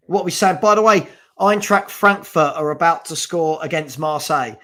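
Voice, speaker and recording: A man's voice: a little high, fairly quick, hardly any pauses, fairly bright tone. A man hosting a live fan watch-along of a football match, chatting casually, exasperated and swearing about his team.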